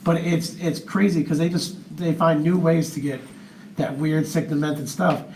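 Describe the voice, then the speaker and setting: Dad rambling with lots of restarts, echoey room, off the mic a bit. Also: male voice, fairly high pitch, steady tone, normal speed, a little mellow, far from the mic, slight background noise. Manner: rambling, hesitant, many restarts. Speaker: parent and event partner. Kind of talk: comment from the audience. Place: large room with an audience.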